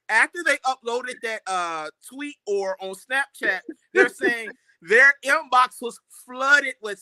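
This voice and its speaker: A man's voice: extremely high pitch, bright, forceful tone, no echo, rough recording. A man co-hosting a casual discussion broadcast, fired up and calling his partner brother. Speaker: co-host.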